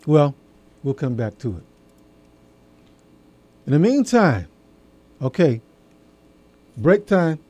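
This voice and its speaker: A man's voice: on the high side, very animated, takes it slowly, pauses often, warm tone, no room sound, lo-fi sound. A middle-aged man hosting a casual talk, addressing his audience directly and repeating key phrases for emphasis. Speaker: host.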